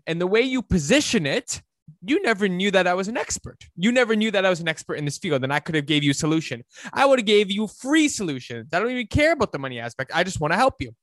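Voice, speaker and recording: A man, a fitness coach, giving an emphatic, preachy motivational talk that swings between loud and hushed. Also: high-pitched, very animated, fast talker, dry recording, studio quality.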